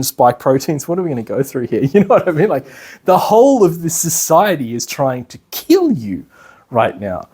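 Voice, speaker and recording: An Australian man giving a casual lecture, chatty and animated, with many fillers. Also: medium pitch, slightly rough. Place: class in a meeting room.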